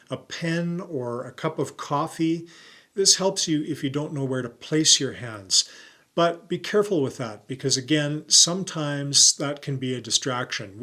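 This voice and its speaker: A middle-aged man presenting an on-camera tutorial as a YouTube coach, talking clearly and deliberately and stressing his keywords. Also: medium pitch, bright, forceful tone.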